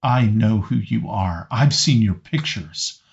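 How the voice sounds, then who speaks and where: A man voicing a frightened young female elf prisoner in a tabletop game, speaking low and urgently. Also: animated, slow pace, gravelly, full character voice. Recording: slightly muffled lo-fi audio.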